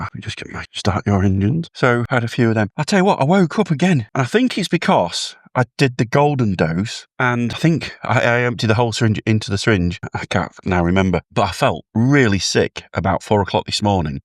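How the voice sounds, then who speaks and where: This is a British vlogger with a lowish voice, talking to his phone camera in a rambling, casual diary style and taking gentle digs at himself. The recording is dry and of studio quality.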